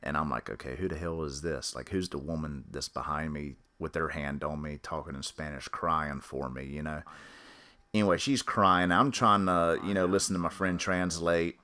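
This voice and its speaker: A man casually telling a personal story on a podcast, rambling in a low-key, matter-of-fact way. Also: steady tone, moderate pace, sharp tone. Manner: rambling, full of fillers and restarts.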